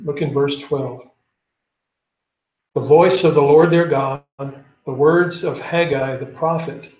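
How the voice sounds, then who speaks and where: Guy teaching bible class, reads verses then quizzes the room, kinda high voice, echoey lo-fi recording. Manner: reads scripture aloud, then questions the class.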